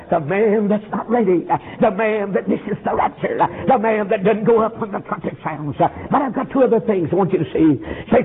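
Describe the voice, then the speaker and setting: A man preaches a fiery revival sermon in a high, straining voice, leaning on a steady "uh" between phrases. He rises into shouts in places. The sound is thin and narrow, like an old tape played down a phone line. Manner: rhythmic preaching with constant "uh" fillers, bursts into shouting.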